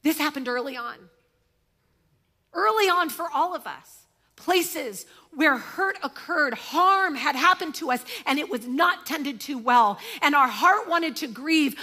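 A woman's voice: high-pitched, bright, forceful tone. A middle-aged woman pastor giving a sermon in a church, telling a story conversationally and acting out the quotes.

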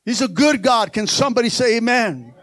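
High-voiced preaching man. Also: a little fast, no room sound, clean studio sound. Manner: animated preaching, repeatedly calls out to the congregation. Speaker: pastor. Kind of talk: sermon.

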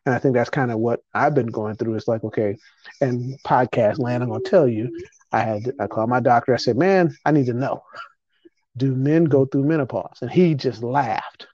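A man's voice: mid-range voice, normal speed, warm tone, no room sound. A middle-aged man hosting a podcast, talking in a rambling, emotional way with frequent restarts. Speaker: podcast host. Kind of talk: casual conversation. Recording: dull lo-fi podcast audio.

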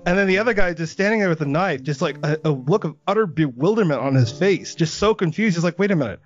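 A man hosting a podcast, telling a story in a lively, animated way during a casual interview. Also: fairly high pitch, fast talker, muffled recording, soft background music. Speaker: podcast host.

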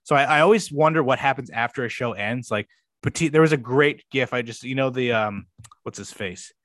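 A young man talking loosely on a podcast, mid-pitched and unhurried in his rambling. He swears freely and slips into quoted lines as he retells a story. The sound is dry and close. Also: a bit bright, no room sound. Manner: rambling recap with profanity and quoted asides. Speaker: podcast co-host. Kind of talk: casual chat.

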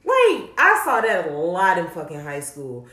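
A young woman with a fairly low voice talks candidly, cursing freely and telling stories with lively emphasis. The sound is roomy, with a noticeable echo around her. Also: a little slow. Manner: blunt, profane, animated storytelling. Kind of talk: casual candid chat.

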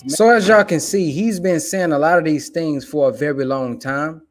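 A man's voice: fairly high pitch, normal speed, background noise. A young man giving emphatic, preachy commentary in casual, colloquial talk. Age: young adult. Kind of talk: casual direct-to-camera commentary.

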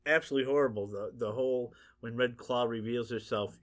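A man co-hosts a podcast with a bright, slightly high voice. His pitch moves in a lively way. He talks in casual chat and is sarcastic and quick to laugh. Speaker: podcast co-host.

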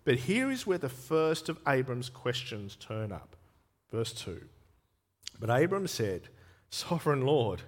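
Man preaching in an echoing hall. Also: mid-range voice. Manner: expressive, dramatizes scripture quotes with emphatic slowing. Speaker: pastor. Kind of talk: sermon. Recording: long reverb of a church hall.

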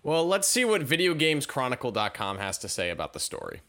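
A man's voice: medium pitch, sing-song, brisk, bright, forceful tone. A man hosting a casual news commentary show, reading articles aloud and adding sarcastic asides. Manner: reads headlines then riffs with sarcastic asides.

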